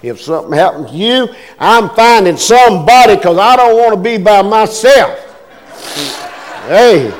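A man's voice: sits high, animated, normal speed, in a large hall. A man preaching a sermon as pastor, folksy and emphatic, often calling out to his congregation.

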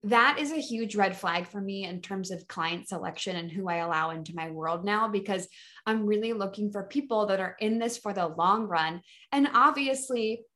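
A woman speaks as a business coach, her voice sitting at an ordinary middle pitch. She talks with eager, emphatic enthusiasm, restarting her phrases as she pushes a motivational message. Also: normal speed, bright, forceful tone. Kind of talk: motivational solo talk.

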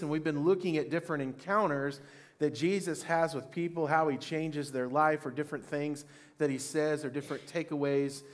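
A man preaching a sermon, reading scripture aloud and asking the congregation questions, with praise lines that rise toward shouting. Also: fairly high pitch. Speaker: pastor.

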